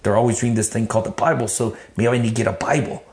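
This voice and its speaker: A man telling his life story in an interview, blunt and animated, swearing freely. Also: mid-range voice, very fast. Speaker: interview guest. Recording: roomy echo.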